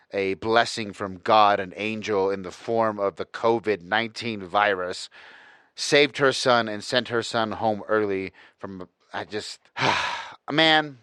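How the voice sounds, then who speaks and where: A man's voice: on the low side, fairly bright tone, dry recording, studio quality. A young man from Florida hosting a podcast in a casual, profane, rambling monologue with plenty of jokes. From Florida, USA. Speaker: podcast host.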